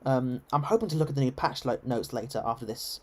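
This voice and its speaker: Casting: English RP man, mid-pitched, rambling streamer commentary, lots of ums. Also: fast, darkish tone. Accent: English, received pronunciation. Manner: chatty, rambling, many ums and restarts. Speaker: game streamer. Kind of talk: live gameplay commentary.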